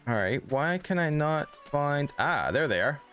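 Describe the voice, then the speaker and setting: A male game streamer reads the on-screen text aloud and tosses in casual, joking asides. His voice sits a little higher than most men's. Soft game music plays behind him. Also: very animated, a little slow. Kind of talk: casual let's-play commentary.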